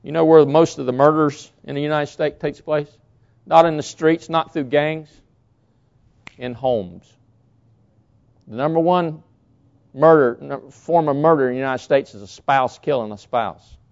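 A male pastor preaching a sermon with emphasis, repeating key words and swinging between loud lines and hushed ones. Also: on the high side, unhurried, vocal fry, pauses often, lo-fi sound.

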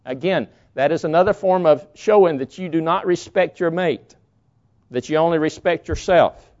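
A man's voice: fairly high pitch, normal speed, a little mellow. A man preaching a sermon in a folksy, storytelling way. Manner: folksy storytelling, acts out quoted voices. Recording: dull lo-fi recording.

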